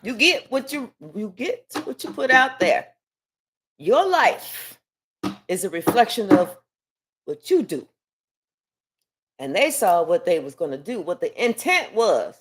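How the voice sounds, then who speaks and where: A woman's voice: medium pitch, sing-song, a little slow, long pauses, background noise. A woman giving a casual live tarot reading, talking in a rambling, chatty way and swearing freely. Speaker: tarot reader.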